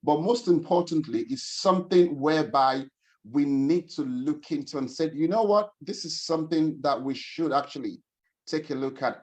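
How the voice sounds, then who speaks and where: A financial coach runs an online webinar over a video call, his mid-range voice chatty and upbeat as he greets attendees by name.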